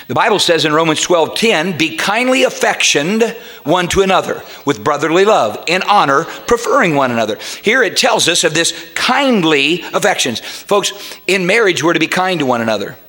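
Preacher guy, emphatic, voice swoops all over and gets shouty. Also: a little high, expressive, normal speed. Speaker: pastor. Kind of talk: sermon.

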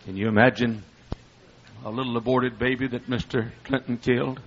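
A man preaching a sermon, telling a folksy, humorous story with loud bursts. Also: mid-range voice, steady tone, moderate pace. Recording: dull lo-fi recording.

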